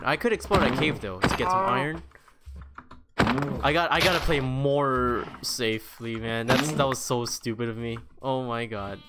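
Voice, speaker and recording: A man giving casual gameplay commentary, excitable and self-mocking, talking to the creatures in his game. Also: mid-range voice, moderate pace, heavy background noise. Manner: excitable, self-mocking, talks to the game's mobs. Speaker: gaming YouTuber. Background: background music.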